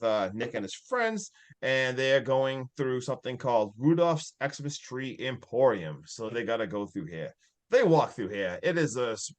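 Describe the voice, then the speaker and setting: A man casually recapping a film as a podcast co-host, rambling with fillers and frequent laughs. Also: medium pitch.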